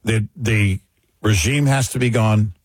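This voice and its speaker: Forceful husky man on political talk. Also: lowish voice, a little slow, dry recording.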